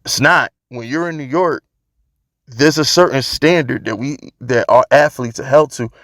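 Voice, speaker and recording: In a clean, echo-free studio recording, a man vlogs his opinions on his football team, casual but emphatic, hammering his points by repeating them. His voice is mid-range and slightly bright, at a normal speed.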